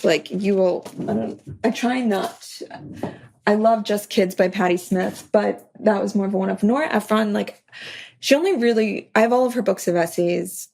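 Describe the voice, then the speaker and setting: Woman, podcast guest author, chatty and anecdotal; gravelly, husky voice. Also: mid-range voice, darkish tone. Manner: chatty, full of "like", acts out her own anecdotes. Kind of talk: casual podcast interview.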